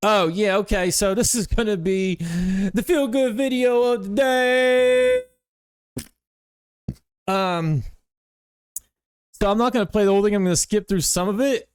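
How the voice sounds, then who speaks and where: A man's voice: high voice, expressive, unhurried, pauses often, clean tone, dry recording, studio quality. A man, a comedian, rambling casually as he reacts to online videos, with lots of fillers. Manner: rambling, chatty, filler-heavy.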